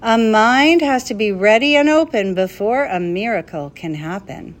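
A woman's voice: a little high, expressive, normal speed, close to an everyday voice. A woman voicing an earnest, sensible young boy who speaks simply in a storybook reading.

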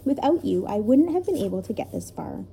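A woman voicing a brave, gentle old male professor in a storybook reading, speaking in a measured, formal way. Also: medium pitch, very animated, gravelly, slight background noise.

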